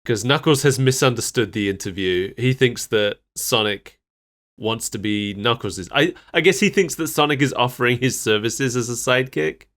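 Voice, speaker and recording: A man's voice: medium pitch, normal speed, fairly bright tone. A man co-hosting a podcast, recapping a cartoon episode in casual chat and laughing often. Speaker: podcast co-host.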